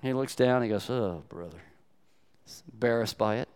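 An older man preaching a sermon, telling stories emphatically with sharp swings in loudness. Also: medium pitch, normal speed, clean tone. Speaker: pastor.

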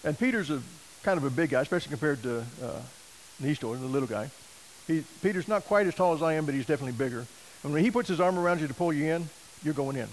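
A man tells a story from the pulpit in a folksy, animated sermon style, acting out the lines of the people in it. His voice sits a little high for a man. A faint hiss runs under the recording. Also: quick pace, few pauses, rough recording. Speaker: missionary preacher.

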